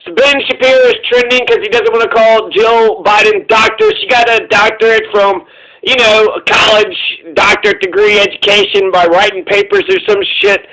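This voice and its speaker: Man, casual commentary host, mocking, profane, rambling, high, bright voice. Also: normal speed, poor audio.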